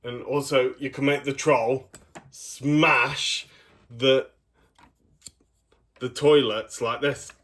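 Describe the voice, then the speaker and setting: A man's voice: medium pitch, fairly even intonation, extremely slow, long pauses, fairly bright tone. A young man giving a casual review of a toy set, rambling and hesitant with many ums.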